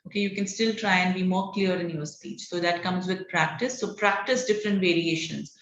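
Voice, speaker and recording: A woman running an online public speaking class, encouraging and energetic, with frequent "okay" and "all right" between points. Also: fairly low pitch, brisk, a little hiss or hum. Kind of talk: online training session. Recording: dull roomy lo-fi online call audio.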